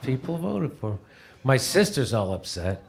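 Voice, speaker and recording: A man's voice: mid-range voice, sing-song, normal speed, vocal fry, a little hiss or hum. A man doing stand-up comedy, telling stories animatedly and mimicking his relatives.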